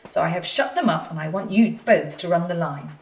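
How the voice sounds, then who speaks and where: A woman voicing a stern, portly railway boss who is fussy but fair, speaking briskly and with authority. The recording sounds like an echoey room picked up from a distant mic. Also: on the low side, slight background noise, lightly acted. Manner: brisk and commanding.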